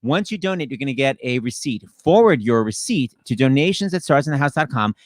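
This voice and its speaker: A man co-hosting a casual livestream chat, joking and making quick fundraising appeals. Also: medium pitch, no room sound. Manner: rapid, jokey, animated talker. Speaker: co-host of a livestreamed talk show.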